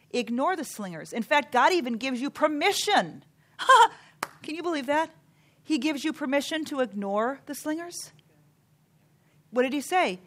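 A woman's voice: on the high side, a bit bright. A woman preaching a sermon, earnest and emphatic, counting off numbered points.

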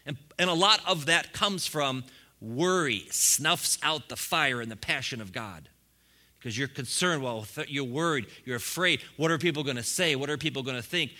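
A man preaching a sermon to a congregation, swinging from quiet asides to loud, fiery bursts with frequent chuckles. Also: mid-range voice, normal speed. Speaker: pastor.

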